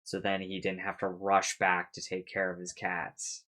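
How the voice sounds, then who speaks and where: A man's voice: low-pitched, completely flat delivery, normal speed, sharp tone. A man giving a casual recap of a TV episode, rambling with lots of fillers, swearing freely and laughing at his own jokes. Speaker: reaction video host.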